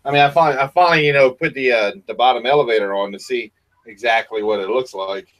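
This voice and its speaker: A man's voice: mid-range voice, fast talker, a bit bright. A man, chatting as a guest on a video call in an easygoing, folksy, joking way. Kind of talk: casual chat.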